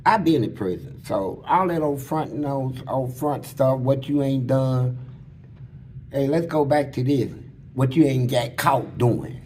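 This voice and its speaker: In an unhurried, mid-range, slightly mellow voice, an interview guest shares casual stories of prison life. He talks in crude, blunt street slang and acts out what others said mid-story. Slight background noise can be heard.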